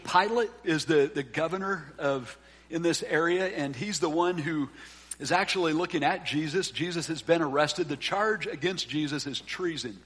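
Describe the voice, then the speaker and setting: A man's voice: on the high side, a bit bright, slightly rough. A man preaching a sermon as a pastor, earnest and full of restarts as he reads and explains scripture.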